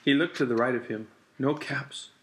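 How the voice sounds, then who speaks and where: Over a noisy background, a medium-pitched male voice works through a children's picture book, his storytelling cadence slow, deliberate and repetitive.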